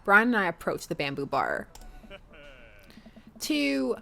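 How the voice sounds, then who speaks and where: A woman's voice: fairly low pitch, sing-song, normal speed, a bit bright. A woman streaming a dating game, reading the story aloud with playful, giggly asides. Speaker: let's-play streamer.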